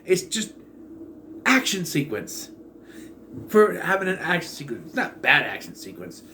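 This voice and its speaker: A man's voice: on the high side, big pitch swings, measured pace, pauses often, bright, forceful tone, a little hiss or hum. A man giving a casual, rambling movie review in a sarcastic, blunt way.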